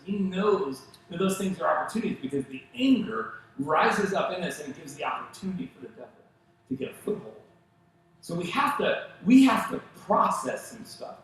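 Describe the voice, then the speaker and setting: A male pastor preaching a sermon, telling stories in an animated way and acting out the voices of the people he quotes. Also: high voice, normal speed, heavy reverb, slight background noise, poor audio. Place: church sanctuary.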